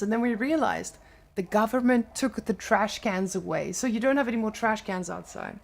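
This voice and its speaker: A woman's voice: fairly high pitch, animated, moderate pace, creaky. A young adult woman with a Serbian accent, chatting casually on a live stream in loose, non-native English.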